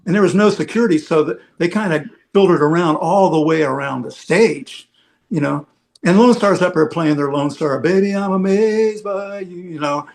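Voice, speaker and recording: Man, slightly high voice, rambling anecdotal roadie storyteller, filler-heavy. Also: gravelly. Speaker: veteran rock roadie guest. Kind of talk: casual storytelling on a podcast.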